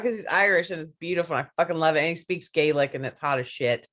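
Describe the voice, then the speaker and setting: A woman's voice: low voice, a little fast, hardly any pauses, a bit bright. A woman guest on a podcast who talks with open enthusiasm and gushes about what she loves. She laughs easily and speaks frankly about intimacy, in her role as an intimacy coach. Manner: enthusiastic and gushing, laughs often. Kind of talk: casual podcast chat.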